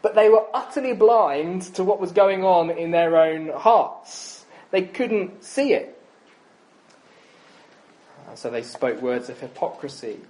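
A man's voice: high voice, animated, slow pace, darkish tone, rough recording. A man in his thirties preaching a sermon in a chatty, self-deprecating way, with frequent ums and asides.

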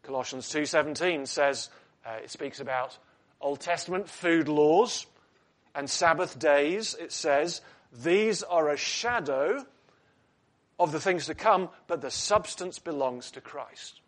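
A man's voice: a little high, slow pace. A man preaching a sermon in an earnest teaching tone, asking rhetorical questions and adding light asides.

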